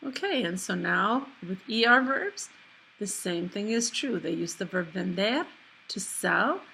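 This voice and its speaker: A woman teaching a recorded lesson over slides, explaining patiently and slowing down for examples. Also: mid-range voice, expressive, gravelly, bright, forceful tone, slight background noise. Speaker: Spanish teacher.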